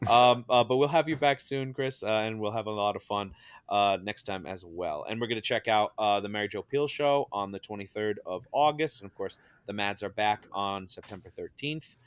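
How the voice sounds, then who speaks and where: A man's voice: fairly low pitch, moderate pace, smooth, dry recording, clean studio sound. A man hosting a podcast, chatting casually, laughing often and rambling with fillers. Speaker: podcast host. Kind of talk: casual chat.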